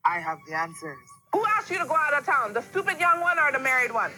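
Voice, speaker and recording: A woman's voice: sits high, big pitch swings, fast talker, bright, forceful tone, exaggerated voice, low-quality recording. A woman with a Jamaican accent playing a bossy fortune teller in a nineties TV commercial, handing out scolding advice. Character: brassy female TV psychic, bossy and knowing. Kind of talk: 1990s TV commercial clip.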